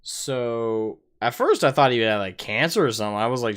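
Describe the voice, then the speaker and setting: Man, podcast co-host, smooth and clear; profane, animated storyteller. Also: mid-range voice, moderate pace, hardly any pauses. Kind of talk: casual chat.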